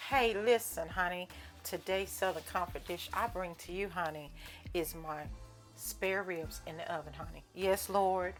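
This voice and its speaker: A woman hosting a home cooking video in a folksy, playful way, calling her viewers honey and child and dropping preachy amens. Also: on the low side. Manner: lively, playful hype. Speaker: cooking channel host. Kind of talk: casual cooking video chat.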